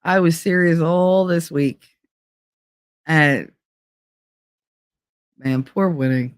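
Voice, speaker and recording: Speaking extremely slowly in a low, clean-toned voice, a middle-aged woman runs a casual live stream. She is candid and profane, laughs frequently and acts out the voices of people she quotes. There is no echo, and the studio sound is clean.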